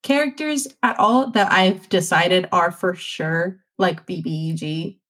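A woman on a podcast panel chats casually, rambling with lots of "like"s and restarts. Her voice is fairly low, a little slow, a bit bright, and slightly rough.

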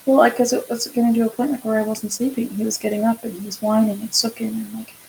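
A woman's voice: a little high, little pitch movement, fast, vocal fry, a little mellow, a little hiss or hum, low-quality recording. A woman co-hosting a casual podcast chat, speaking candidly and swearing freely as she tells stories and acts out quotes. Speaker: podcast co-host.

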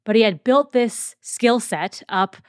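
A woman's voice: a little high, measured pace, no room sound. Woman hosting a dry, close podcast. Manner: conversational, with fillers and restarts. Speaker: podcast host. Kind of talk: casual educational podcast talk.

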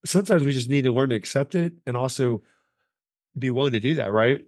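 A man co-hosting a casual podcast who jokes around with his friends and laughs easily. His pitch is ordinary, and the sound is dry and close. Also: a little fast, a little mellow, dry recording. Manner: joking, laughs often. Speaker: podcast co-host. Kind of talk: casual chat.

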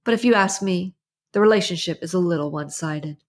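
A woman's voice: lowish voice, brisk, close to an everyday voice. A woman reading an audiobook and voicing a chatty, nosy middle-aged neighbor woman who gossips with strong opinions. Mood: gossipy. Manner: gossipy, indignant, confiding.

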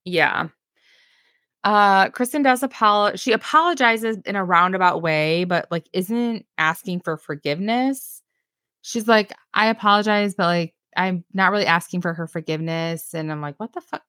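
A woman's voice: medium pitch, normal speed, pushed and bright, smooth, no room sound, studio quality. A woman co-hosting a casual podcast, recapping a reality show, chatty and laughing often as she retells scenes.

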